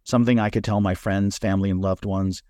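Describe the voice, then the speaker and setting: A man hosting a podcast interview, teasing his guest in a deadpan, mock-serious way. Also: deep voice, quick pace. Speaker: podcast host.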